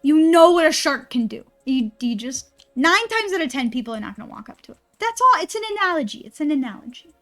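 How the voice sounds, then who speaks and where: A woman's voice: high voice, very animated, fast, a bit bright, faint music behind. A woman streamer in casual stream chat, ranting and rambling with a lot of swearing.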